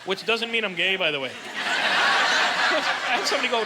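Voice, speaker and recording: Brash, high-voiced comic. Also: male voice, lively intonation, normal speed, pauses often, heavy background noise. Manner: loud, brash, self-mocking delivery with frequent restarts. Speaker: stand-up comedian. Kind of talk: stand-up comedy set. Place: comedy club stage with a live audience. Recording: live club set with loud audience laughter.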